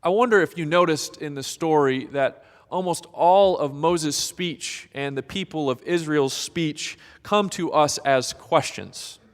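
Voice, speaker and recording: A male pastor preaching a sermon, dramatic and expressive, sometimes acting out the voices of people in the story. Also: a little high, measured pace, hardly any pauses, big-room sound.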